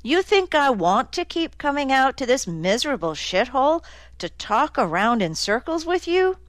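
A woman's voice: mid-range voice, lively intonation, a little slow, no echo, lightly acted. A woman voicing a hard-edged male detective who is sardonic and cutting, in an audiobook. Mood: angry. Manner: dry, cutting, needling. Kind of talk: audiobook character voice.

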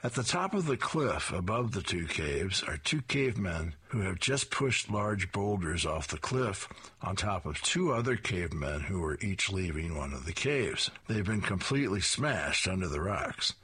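A man's voice: deep voice, sing-song, moderate pace, pushed and bright, slightly rough. A man reading newspaper comic strips aloud, describing each panel and adding chuckled asides.

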